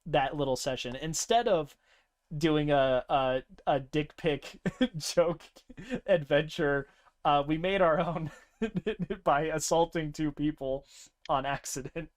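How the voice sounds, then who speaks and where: A young man co-hosting a podcast, casually recounting a tabletop game session with lively laughter. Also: slow pace. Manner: animated, laughing often, breaks into high-pitched character voices. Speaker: podcast co-host.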